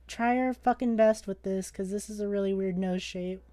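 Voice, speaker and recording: A young woman teaching a casual live-streamed drawing lesson, playful and joking, excitable, with casual swearing. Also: mid-range voice, moderate pace.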